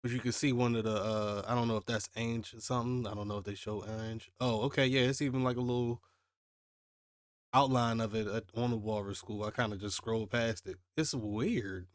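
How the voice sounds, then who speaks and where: A man reading a comic chapter aloud and reacting to it, casual and excitable, his voice jumping up when he is surprised. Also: a little fast, dry recording, clean studio sound. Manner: excitable, jumps high when surprised, laughs at himself. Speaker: manga reaction channel host.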